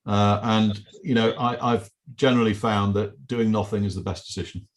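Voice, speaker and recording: A middle-aged man with a fairly low voice. He chats easily as an interview guest. He tells long anecdotes and often restarts his sentences. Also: fairly even intonation, normal speed. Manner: rambling anecdotal storyteller with many restarts. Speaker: podcast guest, business owner. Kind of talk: casual interview chat.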